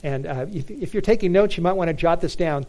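A man from the United States preaches a sermon on Bible prophecy in a voice that's on the high side, warm, and a little fast. He's earnest and emphatic, often restarting sentences and leaning on fillers.

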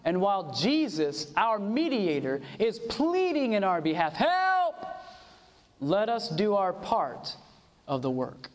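A man's voice: sits high, in a large hall. A man preaching an earnest sermon to young people, quoting scripture and calling for amens.

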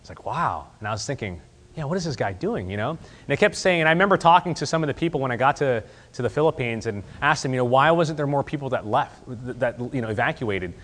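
A man giving a casual, somewhat halting presentation to a group. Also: mid-range voice, lively intonation, a bit bright. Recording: reverberant hall.

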